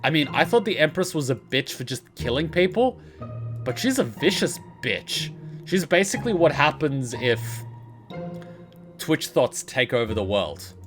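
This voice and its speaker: A man's voice: on the high side, big pitch swings, measured pace, fairly bright tone. Profane Australian man rambling over music. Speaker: let's play host. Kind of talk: casual gameplay commentary.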